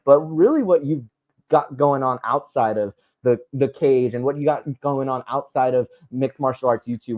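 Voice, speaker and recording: A man's voice: mid-range voice, muffled recording. A man hosting an interview, asking long, meandering questions with plenty of hedging. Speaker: interview host.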